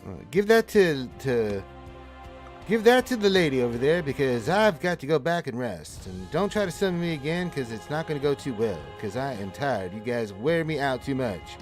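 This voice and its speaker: A man's voice: medium pitch, very animated, moderate pace, soft background music, voice pushed up, close to an everyday voice. A man voicing a tired, harried male servant of a goddess who rambles and repeats himself in a tabletop game. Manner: rambling, repeats words, loud.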